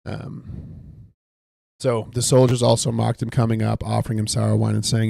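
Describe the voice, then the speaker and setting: A man with a lowish, gravelly, dark voice speaks at normal speed in a level tone, recorded with no echo. He leads a casual Bible study while playing a video game, talking it through conversationally and thinking aloud with frequent restarts.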